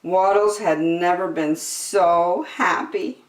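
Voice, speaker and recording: Slow lively storytime lady, echoey room, a bit far from the mic. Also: lowish voice. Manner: slow, lively, expressive reading. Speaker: children's storyteller. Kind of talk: reading a picture book aloud. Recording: roomy, from a distance.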